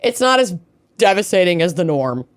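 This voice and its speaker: A Minnesotan woman co-hosts a casual chat podcast, her voice sitting fairly low yet swinging widely in pitch. She gushes with enthusiasm as she talks. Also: very animated, moderate pace. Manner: enthusiastic, gushing. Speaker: podcast co-host.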